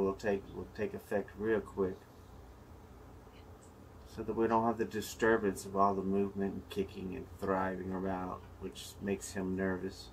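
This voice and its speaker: A man giving chatty, joking live commentary as a zookeeper during a snake feeding, with sudden loud playful outbursts. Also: deep voice, a little hiss or hum, low-quality recording.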